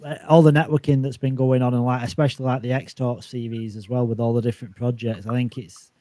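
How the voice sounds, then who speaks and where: Male host, mid pitch, dry close sound, rambling casual chat. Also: fairly even intonation, fast talker, warm tone, dry recording. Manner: repeats himself, lots of likes and restarts. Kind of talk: casual chat on a live audio stream.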